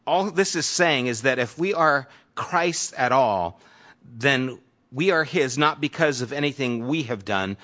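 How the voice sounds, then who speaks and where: Bright-voiced man preaching conversationally. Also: medium pitch, highs cut off. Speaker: pastor. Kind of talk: sermon, Bible teaching.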